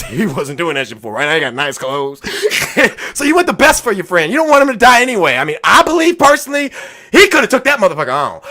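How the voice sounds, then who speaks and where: A man hosting his own video, talking in an excited, profane rant and often shouting and laughing. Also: high voice. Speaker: video host.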